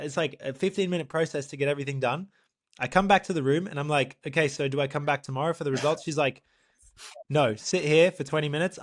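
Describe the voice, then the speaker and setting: Young man, podcast co-host, animated storyteller, acts out quotes, casual chat. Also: fairly high pitch. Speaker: podcast co-host, professional triathlete.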